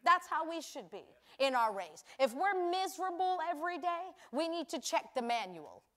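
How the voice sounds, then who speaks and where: High-voiced woman preaching in lively story style. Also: moderate pace. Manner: animated, acts out voices in anecdotes; chatty, conversational with frequent "you know". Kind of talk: sermon with storytelling.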